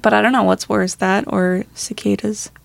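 A woman's voice: mid-range voice, flat delivery, moderate pace, gravelly, dry recording. A young woman co-hosting a podcast, telling a story in casual chat. She rambles, swears a lot and laughs between phrases. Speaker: podcast co-host.

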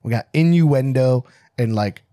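A man's voice: mid-range voice, unhurried, dark tone, no echo, studio quality. A man co-hosting a podcast, joking and swearing his way through a bad horror movie and acting out its lines. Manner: profane, jokey, acts out movie dialogue. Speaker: podcast co-host. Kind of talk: casual movie-review chat.

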